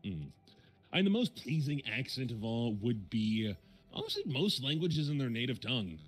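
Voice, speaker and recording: A man with a Midwestern American accent chats casually as a stream host. His pitch swings lively up and down as he rambles, restarts and corrects himself, and faint music plays behind him. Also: normal speed. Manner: rambling, many fillers and self-corrections. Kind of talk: casual chat.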